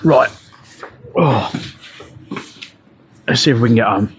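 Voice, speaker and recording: A man's voice: mid-range voice, slow, a little hiss or hum. A middle-aged man, telling rambling, profane stories to his live-stream chat while out on a bike ride. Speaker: livestreamer.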